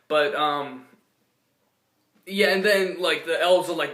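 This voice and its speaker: A young man talks through a casual film review, stopping and restarting his sentences often. His voice sits a little high and sounds bright and forward. The room around him is echoey. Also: slow pace, long pauses. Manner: rambling, full of restarts and fillers.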